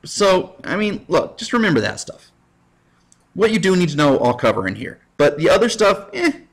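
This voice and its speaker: Joking man giving a casual lesson. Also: normal speed. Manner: jokey, self-mocking asides with animated pitch jumps. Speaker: high school history teacher. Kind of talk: casual recorded lecture.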